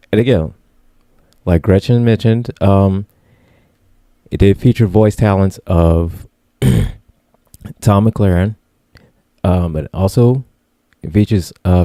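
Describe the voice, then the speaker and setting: A man with a very deep, mellow voice co-hosts a podcast in laid-back, rambling chat. The sound is dry and close, with no room echo. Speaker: podcast co-host. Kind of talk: casual podcast review chat.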